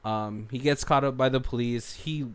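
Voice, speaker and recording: Rambling, laughing man with a smooth voice. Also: medium pitch, normal speed. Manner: rambling, laughs often, frequent fillers. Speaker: podcast co-host. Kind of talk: casual movie commentary chat. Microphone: studio mic.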